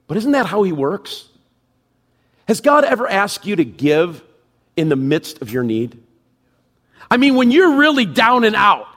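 A middle-aged male pastor preaching with a high voice. He is emphatic, acting out people's inner thoughts and then dropping low and quiet for the Spirit's words. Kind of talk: sermon.

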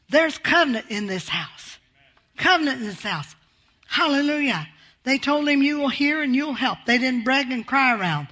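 An older woman preaching a fervent sermon, calling out hallelujah often and swinging between loud exclamations and quiet, slower teaching. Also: high-pitched.

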